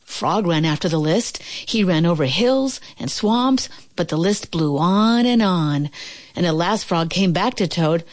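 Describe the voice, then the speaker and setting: Woman reading a kids book out loud, real slow and singsong, dry close mic. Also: on the low side, no echo. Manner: slow, expressive, deliberate. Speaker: narrator. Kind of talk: storybook read-aloud.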